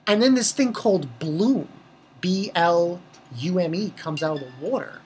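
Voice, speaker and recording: A woman's voice: fairly low pitch, expressive, measured pace, darkish tone, slight background noise. A woman giving a casual, rambling recap of an anime episode, swearing freely and restarting her sentences often. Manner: rambling and profane, with many restarts.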